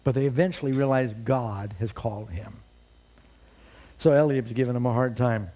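A man's voice: mid-range voice, normal speed, dark tone. A male preacher giving a sermon, retelling a story with dramatic storytelling and rhetorical questions.

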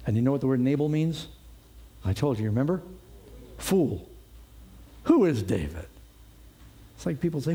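Husky, mellow-voiced male preacher. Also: medium pitch, animated, normal speed, pauses often. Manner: conversational, asks the listeners rhetorical questions. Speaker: pastor. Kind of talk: expository sermon.

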